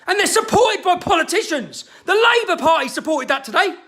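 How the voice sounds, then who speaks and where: A man's voice: extremely high pitch, big pitch swings, fairly quick. A man delivering a furious, swearing monologue straight to camera. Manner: furious, shouting, heavy swearing.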